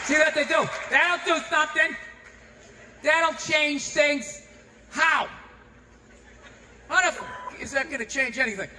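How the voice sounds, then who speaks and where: A man performing a stand-up comedy set, ranting sarcastically and breaking into shouts. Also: very high-pitched, normal speed, pauses often, some chatter behind. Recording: long hall reverb, audible noise.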